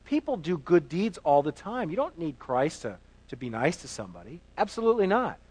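A man preaching a sermon as pastor, swinging between hushed asides and loud emphatic passages, often repeating words as he builds a point. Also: a little high, sing-song, fairly quick, breathy edge, low-quality recording.

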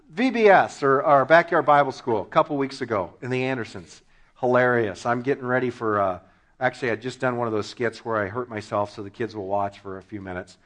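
A male pastor with a medium-pitched voice preaches a sermon to his congregation. He tells funny stories, shouts sudden punchlines, and laughs along.

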